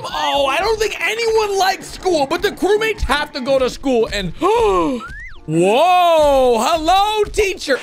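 A man commenting excitedly on cartoon animations, jumping between low murmurs and sudden shouts and gasps. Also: slow pace, vocal fry. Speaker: gaming YouTuber. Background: background music.

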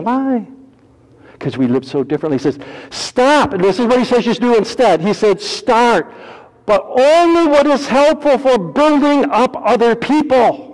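Male pastor, fairly high voice, folksy sermon, booming then hushed, church-hall reverb. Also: animated, normal speed. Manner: folksy, humorous, swings from loud emphasis to hushed.

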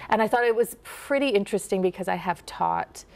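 A woman with a Minnesota accent, an accent and dialect coach answering interview questions in a lively, explanatory way and demonstrating vowel sounds. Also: mid-range voice, brisk, gravelly. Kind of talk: casual interview.

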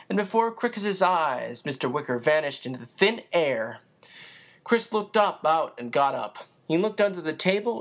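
Lively, lilting storybook reader. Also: medium pitch. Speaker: audiobook reader. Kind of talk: storybook narration.

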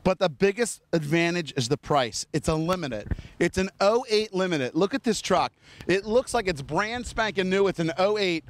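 A man hosting a TV car commercial, rattling off vehicle features in an enthusiastic hard-sell pitch and talking straight to viewers and the cameraman, outdoors on a dealership lot. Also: expressive, a little hiss or hum. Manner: rapid-fire enthusiastic sales pitch, listing features; addresses viewers and cameraman directly. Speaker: car dealership salesman and show host.

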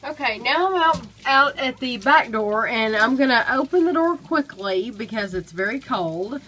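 A woman's voice: fairly high pitch, animated, moderate pace, pushed and bright, slight background noise, low-quality recording. A woman vlogging at home, chatting casually and switching to sing-song baby talk with her son. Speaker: vlogger and mother. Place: home, indoors and at the back door.

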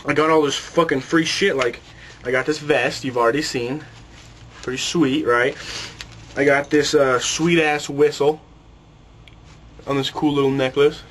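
A man's voice: mid-range voice, a bit bright, a little hiss or hum. Crude, boastful young man ranting to camera. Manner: crude, boastful, swears constantly; lazy slacker drawl with smug asides. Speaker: comedy vlogger in character. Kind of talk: comic character monologue to camera.

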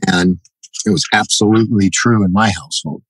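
A man being interviewed on a podcast, telling stories in a halting, reflective way. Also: on the low side, fairly even intonation, slightly rough, dry recording, low-quality recording. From United States. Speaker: podcast guest, jiu-jitsu black belt. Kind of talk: casual interview, storytelling.

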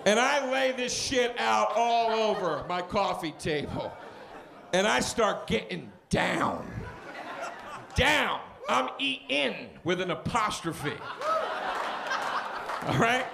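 A male stand-up comedian telling a story on a club stage, animated and prone to shouting. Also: high voice, slow, gravelly, long pauses. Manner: animated, swings into shouting and mock voices. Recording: live club recording with crowd noise. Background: laughing audience.

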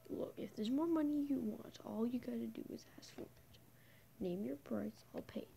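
A woman voicing a ruthless employer of a hired killer, giving clipped orders in a low whisper over a faint hiss. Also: normal speed, vocal fry, mellow. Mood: pleading.

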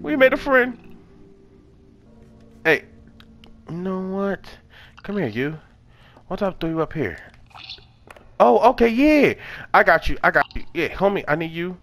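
A man's voice: high-pitched, very animated, unhurried, creaky, pauses often, fairly bright tone. A young man giving casual let's-play commentary, chatting to the game characters in slang and swearing often. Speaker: gaming channel host.

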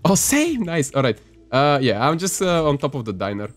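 Brief: young male gamer, lively swooping voice, jokey and excitable, faint music behind. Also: medium pitch, fairly quick. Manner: excitable, joking, playful exclamations. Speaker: gaming youtuber. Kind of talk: casual gameplay commentary.

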